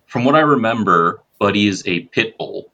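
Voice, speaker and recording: A man playing a tabletop game, asking questions and rolling dice with wry, deliberate talk. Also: on the low side, expressive, sharp tone, lo-fi sound. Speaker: player. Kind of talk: casual tabletop game play.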